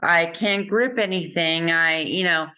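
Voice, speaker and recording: A woman hosting an interview, earnest and encouraging, speaking slowly and carefully after a stroke. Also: lowish voice, clear, resonant tone, muffled recording. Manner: earnest and encouraging, laughs often. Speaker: interview host. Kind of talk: casual conversation.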